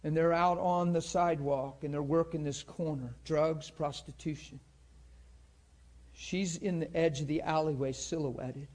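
A man's voice: fairly high pitch, fairly even intonation, measured pace, a little mellow. Emotional storytelling male pastor. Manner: emotional, acts out both sides of a story. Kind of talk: sermon storytelling.

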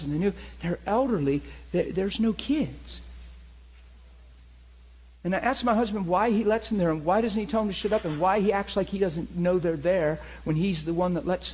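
A middle-aged man preaching, telling a story with animated acted-out dialogue. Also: high voice, husky, rough recording. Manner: animated, acts out both sides of dialogue. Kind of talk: sermon storytelling.

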